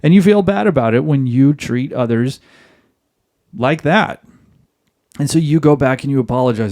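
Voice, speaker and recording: A man's voice: mid-range voice, normal speed, a little mellow. A man hosting a podcast, giving marriage advice in a direct, lecturing monologue aimed at other men. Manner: direct, lecturing, addresses listeners as guys.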